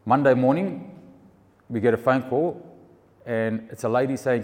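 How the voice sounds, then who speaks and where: Man, casual testimony speaker, animated storyteller, middle pitch, heard with long room reverb. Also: unhurried. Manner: animated storytelling, acts out the people he quotes. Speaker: storyteller sharing a faith testimony.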